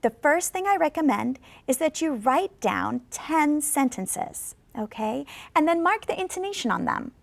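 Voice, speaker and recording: A woman teaching an English lesson in a scripted classroom style, encouraging viewers to answer and modeling sentences slowly for them to repeat. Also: sits high, big pitch swings, gravelly, dry recording. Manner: slow, carefully drawn-out model sentences for repetition; encouraging, coaxes replies from viewers. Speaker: ESL teacher. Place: studio.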